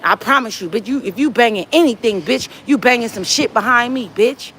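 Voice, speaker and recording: A woman from Los Angeles livestreams from a laundromat, trash-talking in a profane, confrontational rant. Her voice is on the high side, animated, a little fast and a bit bright, with slight background noise.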